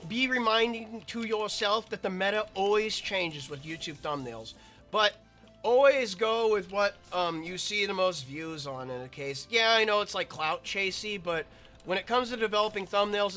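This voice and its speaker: A man's voice: sits high, animated, moderate pace, bright, forceful tone, faint music behind. A man giving rambling, chatty commentary while playing a video game. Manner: rambling, chatty, self-interrupting. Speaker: gaming video creator. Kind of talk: casual gameplay commentary.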